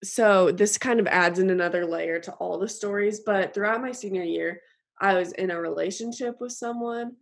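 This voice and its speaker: A young woman telling an earnest personal faith story in an interview, halting often with fillers. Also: medium pitch, vocal fry. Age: young adult. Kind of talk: personal testimony.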